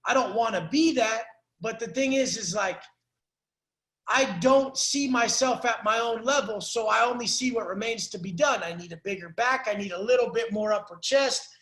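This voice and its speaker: A man's voice: high voice, normal speed, fairly bright tone, reverberant. A man coaching a caller in a blunt, profane, preachy way. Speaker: life coach. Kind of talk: coaching call.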